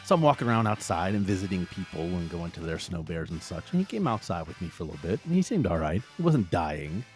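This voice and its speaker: A man's voice: low voice, sing-song, fast, soft background music. A man co-hosting a podcast in casual chat, rambling and swearing freely. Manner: rambling, swears freely, laughs at own stories. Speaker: podcast co-host.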